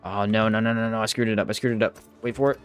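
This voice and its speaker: Speaking at a racing pace with little pitch movement, a man chats with his stream audience, reads their comments aloud, and reacts to the game. His voice still jumps up in pitch when he's surprised, and faint music plays behind him.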